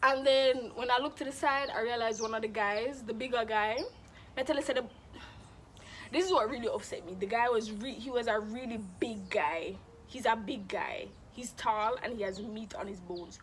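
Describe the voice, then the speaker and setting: A young woman telling a storytime in a casual, animated, dramatic way. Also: fairly high pitch, moderate pace, slight background noise. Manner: animated, dramatic, acts out quoted voices. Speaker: vlogger.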